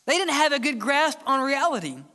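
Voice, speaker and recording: A man preaching a sermon as the church's pastor, earnest, sometimes dropping to a hushed tone to press a point. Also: very high voice, big pitch swings, fairly quick. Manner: earnest preaching, drops to hushed tones for emphasis. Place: church sanctuary. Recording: long church hall reverb.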